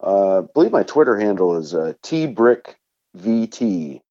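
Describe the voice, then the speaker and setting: A man's voice: on the low side, very animated, unhurried, warm tone, dull audio. A man from Vermont with a Vermont accent, a musician guest telling easygoing stories in a casual interview and laughing often.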